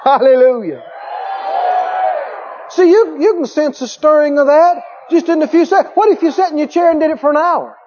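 A man preaching a sermon in a church hall, emphatic, with repeated phrases and drawn-out stresses, recorded on dull lo-fi tape. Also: extremely high pitch, crowd noise, noisy background.

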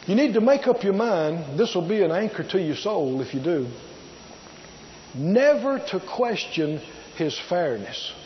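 Guy preaching slow and emphatic, high voice that swings all over, kinda dull lo-fi sound. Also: big pitch swings, slight background noise. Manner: emphatic, repeats key words, drawn-out stresses; asks the congregation rhetorical questions. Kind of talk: sermon.

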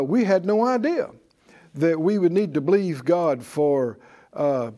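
An older man preaches a Bible class at an unhurried pace, his voice higher than most men's yet mellow and warm. He is folksy, chuckles at his own asides, and presses his points with rhetorical questions. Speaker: preacher and teacher. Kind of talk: sermon-style Bible class.

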